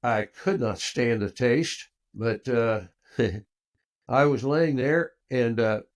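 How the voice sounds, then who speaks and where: An older man, a guest on an interview show, telling a personal story and acting out the dialogue with big swings in voice. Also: takes it slowly. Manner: animated storyteller who acts out dialogue with big swings in pitch and loudness.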